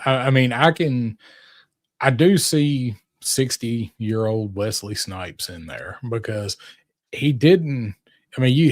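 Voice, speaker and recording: A man's voice: fairly low pitch, darkish tone, no room sound, clean studio sound. A man co-hosting a casual toy show podcast, talking in a loose, rambling way with frequent restarts and fillers. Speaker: co-host.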